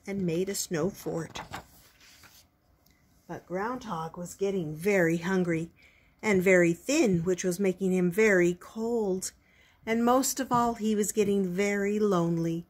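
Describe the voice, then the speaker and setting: Older woman reading a children's book, husky. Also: on the low side. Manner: gentle, expressive storytelling. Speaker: storyteller grandmother. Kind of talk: reading a picture book aloud.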